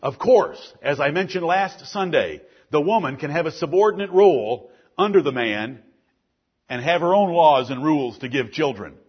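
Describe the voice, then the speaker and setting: High-voiced preaching pastor, husky, muffled. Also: male voice, animated, normal speed. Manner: preaching with swelling emphasis, repeated lists. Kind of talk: sermon.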